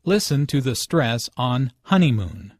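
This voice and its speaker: Male narrator, mid pitch, very slow explanatory lesson read, dry booth sound. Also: sing-song, dry recording.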